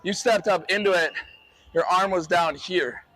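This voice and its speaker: A man's voice: high voice, unhurried, a bit bright, a little hiss or hum. A man coaching a quarterback through drills on an outdoor field, giving direct, encouraging instructions. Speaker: football coach.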